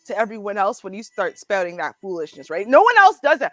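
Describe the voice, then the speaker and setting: A woman hosting a casual commentary show, animated and sarcastic, laughing often and talking straight to her viewers. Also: mid-range voice, brisk, no room sound. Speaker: host. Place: Ontario.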